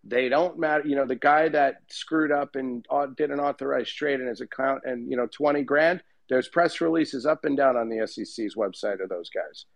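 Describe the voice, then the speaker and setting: Sex: man. Role: panel guest. Style: casual discussion. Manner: rambling, emphatic, filler-heavy. Pitch: average. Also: moderate pace, vocal fry, few pauses, dry recording. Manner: rambling, emphatic, full of "you know" and "I mean".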